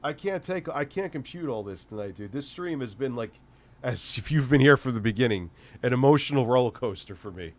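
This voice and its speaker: A man's voice: mid-range voice, animated, a little fast. A man hosting a casual livestream, reading chat and ranting sarcastically with lots of swearing. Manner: profane, sarcastic ranting with frequent laughs. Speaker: streamer host.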